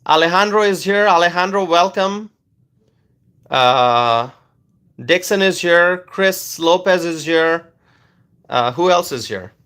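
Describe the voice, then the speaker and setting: A man's voice: sits high, lively intonation, takes it slowly, long pauses, fairly bright tone, smooth. A man doing live-stream political commentary into his phone, repeating his points emphatically and asking rhetorical questions.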